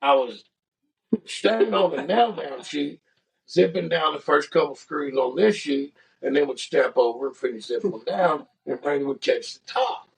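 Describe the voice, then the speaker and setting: Gravelly middle-aged man recalling slowly. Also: on the high side, animated. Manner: halting, measured retelling. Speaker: podcast co-host, father. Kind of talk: casual storytelling chat. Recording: voice slightly far from mic.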